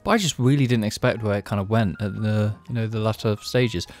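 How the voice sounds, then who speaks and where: A man's voice: lowish voice, a little fast, darkish tone, faint music behind. A man co-hosting a casual podcast, rambling through his points with self-mocking humour and frequent laughter. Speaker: podcast co-host. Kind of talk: casual chat among friends.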